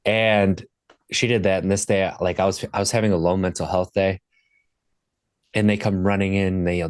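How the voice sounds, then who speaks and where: A man talking as a podcast guest, telling a candid personal story in a reflective, halting way with restarts. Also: sits low, flat delivery, clean tone, no room sound, studio quality.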